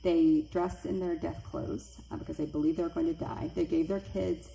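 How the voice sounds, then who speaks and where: Animated woman telling a spooky story. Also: moderate pace, creaky, a little hiss or hum. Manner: animated, acts out quoted voices with big pitch jumps. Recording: echoey room with faint ambience.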